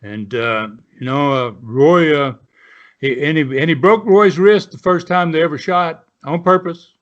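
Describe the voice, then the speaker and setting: A retired pro wrestler in his seventies from the southern United States, appearing as a guest, tells rambling, casual stories full of fillers. His voice is fairly high and a little slow, and the recording is muffled.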